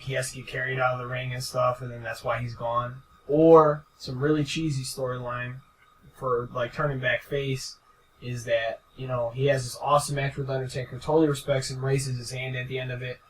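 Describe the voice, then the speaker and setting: Young man, podcast co-host, casual, rambling, profane, distant mic, faint hiss. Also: mid-range voice. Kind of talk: casual chat.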